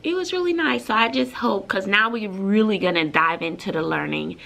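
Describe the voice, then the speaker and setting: A bubbly woman from Brooklyn, a middle school teacher, chats casually to her vlog audience. Her voice is bright and sharp with a gravelly edge, and she talks with lots of fillers and open feeling. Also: medium pitch, moderate pace. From Brooklyn, New York. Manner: bubbly and emotional, with many fillers.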